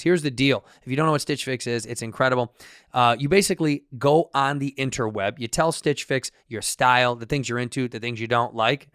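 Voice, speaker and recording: A man's voice: mid-range voice, clear, resonant tone, dry recording, studio quality. A man co-hosting a podcast, joking around and reading ad spots in a casual, playful way. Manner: jokey, puts on loud goofy voices. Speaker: podcast co-host. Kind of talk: casual podcast banter and ad reads.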